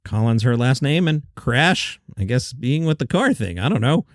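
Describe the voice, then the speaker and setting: A man's voice: medium pitch, expressive, moderate pace, no room sound, studio quality. A man hosting a light news round-up, chatty with joking asides. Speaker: host. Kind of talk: upbeat news round-up with jokes.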